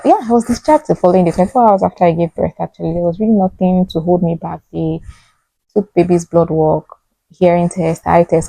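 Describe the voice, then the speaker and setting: A young woman with a Nigerian accent, chatting casually as she tells a vlog story with lively, animated asides. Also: lowish voice, gravelly, dry recording, poor audio. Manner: chatty, animated retelling with frequent fillers. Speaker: vlogger telling her birth story.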